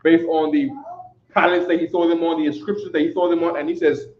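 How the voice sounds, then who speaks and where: A man's voice: on the high side, fairly even intonation, fast talker, a little mellow. Man teaching a class in an echoey room. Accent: New York. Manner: repetitive, conversational, checks with "right?". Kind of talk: classroom lecture. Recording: echoey room, dull lo-fi sound.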